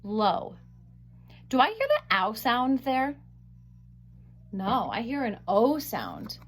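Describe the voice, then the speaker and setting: Lady teacher doing a phonics lesson, bit high voice, sounds out words real slow and careful. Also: wildly swooping pitch.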